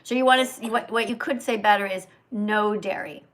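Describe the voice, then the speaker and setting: An older woman hosting a livestream, lecturing and correcting a reader's pronunciation slowly and sternly. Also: medium pitch. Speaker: host, vegan teacher. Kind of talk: livestream reading lesson.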